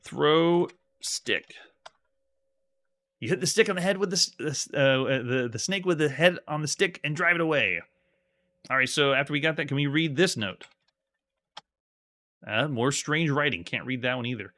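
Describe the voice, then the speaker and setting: A man with a bright, forceful voice commenting on a live retro game stream. He calls out moves one by one and reads the game text aloud, breaking off now and then for friendly asides to his viewers. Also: on the high side, normal speed, pauses often. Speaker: streamer playing retro games.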